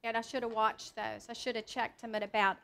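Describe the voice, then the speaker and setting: A cookbook author runs a live cooking demo for an audience in a teaching kitchen, chatty and self-deprecating, restarting often. Her voice is a little high, flat in delivery and a little fast, with vocal fry and a pushed, bright quality.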